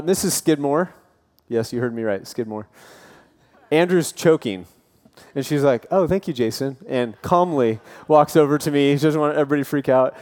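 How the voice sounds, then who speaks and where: A man in his thirties with a fairly high-pitched voice preaches in a church auditorium. He's a campus pastor, and his earnest, casual sermon is full of personal stories and light humor at his own expense.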